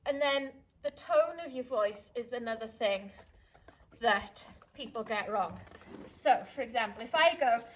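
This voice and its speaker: A woman's voice: on the high side, lively intonation, measured pace, a little hiss or hum. A woman dog trainer explaining recall step by step, stopping now and then to call and praise her dogs. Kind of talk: outdoor training demonstration.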